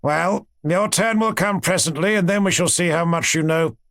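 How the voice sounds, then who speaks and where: A man's voice: high-pitched, moderate pace, fairly bright tone, no room sound, clean studio sound, pitched above the performer's own voice. A man voicing a stern, pompous male professor who scolds in a clipped, condescending way. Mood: dismissive.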